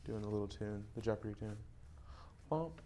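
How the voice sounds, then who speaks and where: A young man hosting a casual student quiz show, relaxed and quick to laugh. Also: on the low side, a little hiss or hum. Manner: relaxed, laughs often, hums a tune.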